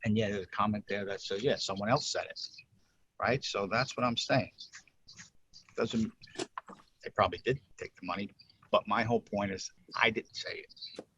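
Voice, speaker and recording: A man's voice: fairly low pitch, normal speed, long pauses, sharp tone, dull audio, slight background noise. A man leading a workplace training workshop over a video call, explaining points casually and checking in with "right?". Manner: talks things through, asks "right?" often.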